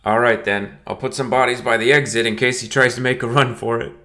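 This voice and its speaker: A man's voice: mid-range voice, steady tone, a little fast, lightly acted. A man voicing a jovial, teasing father of the bride who calls out heartily. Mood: hearty teasing. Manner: hearty, calling loudly through a door.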